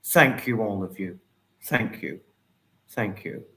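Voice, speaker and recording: A man hosting a casual livestream, warmly greeting and thanking viewers by name and apologizing often. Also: lowish voice, lively intonation, slow. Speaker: livestream host. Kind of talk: casual livestream chat reading viewer comments.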